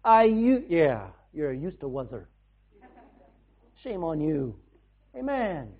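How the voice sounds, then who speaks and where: A man preaching a sermon to his church in a folksy way, swinging between loud bursts and soft asides. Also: fairly high pitch, wildly swooping pitch, slow, breathy edge. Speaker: pastor. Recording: tinny, phone-like band.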